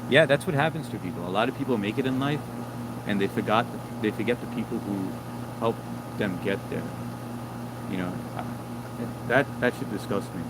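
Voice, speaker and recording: A man's voice: on the low side, normal speed, heavy background noise. A man hosting a casual live stream outdoors, reading viewer comments aloud and chatting in a laid-back way. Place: outdoors near a yard with brush.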